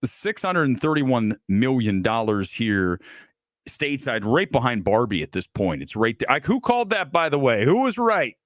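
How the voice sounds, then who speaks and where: A man's voice: medium pitch, moderate pace, dry recording, studio quality. Blunt, sarcastic ranting male host. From Los Angeles area resident. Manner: animated, blunt, sarcastic, swears freely. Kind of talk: casual ranting film commentary.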